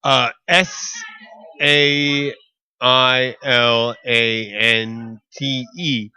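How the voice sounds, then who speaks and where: A man's voice: medium pitch, flat delivery, extremely slow, sharp tone, clear, resonant tone, dry recording. A man hosting a podcast, chatting casually and rambling with some swearing. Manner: rambling, swearing, loose and jokey. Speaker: podcast host. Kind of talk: casual chat. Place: bar.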